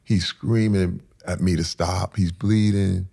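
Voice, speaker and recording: A middle-aged man with a very deep, gravelly and husky voice recounts a painful personal story as an interview guest. He swings from hushed, whispered lines to sudden loud outbursts, speaking with raw intensity. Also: steady tone, slow pace.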